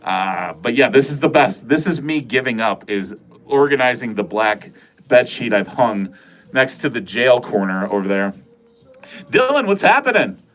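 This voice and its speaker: A man's voice: mid-range voice, fairly bright tone. A middle-aged man hosting a casual livestream from a corner of his home, chatting with viewers in a rambling, self-mocking and profane way. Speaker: livestream host. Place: corner of a home filming room.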